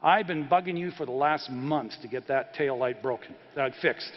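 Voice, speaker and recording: A man's voice: medium pitch, moderate pace, muffled recording, a little hiss or hum, natural voice. A man voicing a fed-up wife who speaks dryly and bluntly, in a reverberant church hall. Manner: dry, blunt.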